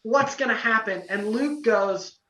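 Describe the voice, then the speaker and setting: A young man telling a story as a podcast guest, excited and rambling, full of fillers. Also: high voice, a little slow. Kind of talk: casual storytelling. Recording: roomy, distant, dull lo-fi podcast audio.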